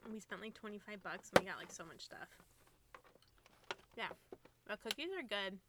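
A woman's voice: medium pitch, normal speed, heavy background noise. Giggly woman in casual chat. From USA. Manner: giggly, playful, struggles with pronunciation. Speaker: podcast co-host.

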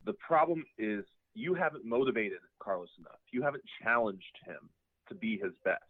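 A man's voice: on the low side, animated, moderate pace, no echo. A male caller talking in a cocky, brash bro manner. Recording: tinny phone line.

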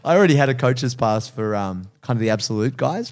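A man's voice: medium pitch, animated, fairly quick, darkish tone. A man hosting a casual podcast, talking animatedly about jiu-jitsu coaching, laughing often and swearing casually.

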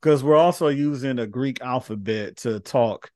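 A man's voice: medium pitch, moderate pace, darkish tone, no echo, clean studio sound. A man from Los Angeles hosting a podcast, talking casually and emphatically, often asking "you know what I'm saying". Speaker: podcast host. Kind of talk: casual conversation.

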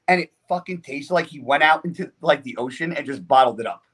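A man, a bodybuilder guest on a podcast, telling a story in a casual, profane, animated way. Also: on the high side, brisk, slightly rough.

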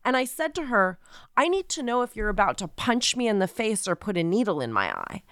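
Smooth-voiced woman telling a story. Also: mid-range voice, a little fast, no room sound, clean studio sound. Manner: animated storytelling, acting out quoted people. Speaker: podcast co-host. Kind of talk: casual chat.

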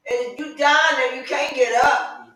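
A middle-aged woman teaching Sunday school in a church, preaching fervently and mixing in chatty personal stories, often rising to emphatic shouts. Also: sits high, fairly even intonation, moderate pace. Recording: echoey room, mic far off.

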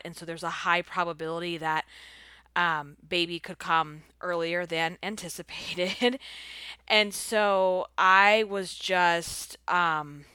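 Bright, crisp-voiced pregnant woman podcaster. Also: lowish voice, no room sound. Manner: candid, chatty, with frequent fillers and laughs. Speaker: podcast host. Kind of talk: solo podcast monologue. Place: home office.

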